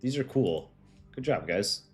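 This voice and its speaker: A young American man chatting casually on a live stream as its host, relaxed and full of ums and likes. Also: mid-range voice, a little slow. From United States. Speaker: streamer and voice actor.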